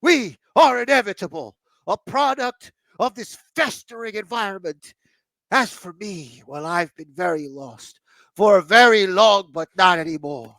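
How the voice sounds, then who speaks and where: Man voicing a menacing wrestling villain, made-up accent, raised pitch, declaiming. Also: animated, a little slow, bright, forceful tone, no echo, exaggerated voice. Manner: unplaced put-on accent, declaiming. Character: menacing male wrestling villain cutting a promo. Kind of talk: impression within casual podcast chat.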